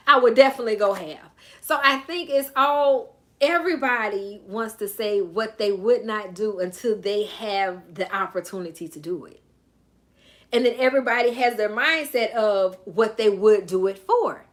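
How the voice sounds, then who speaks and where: Her voice high-pitched and fairly bright, a Southern US woman who works as a life coach reads from a book during a live stream. She chats with viewers, greeting each by name, and breaks into playful sing-song moments.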